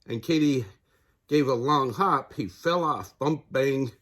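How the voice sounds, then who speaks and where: An older man, a grandfather, narrating a children's picture book aloud in a gentle storyteller manner. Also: medium pitch, slow.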